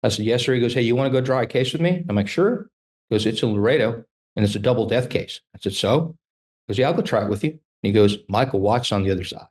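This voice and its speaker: A man in his fifties, a trial lawyer telling animated stories in a casual interview and acting out the dialogue. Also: medium pitch, racing, hardly any pauses.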